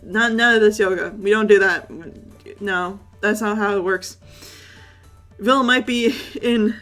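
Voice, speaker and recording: A woman streamer chatting casually between game lines, giggly and rambling, her voice in a plain middle range. Soft game music plays faintly behind her. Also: medium pitch, steady tone, measured pace. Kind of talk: casual game-reading commentary.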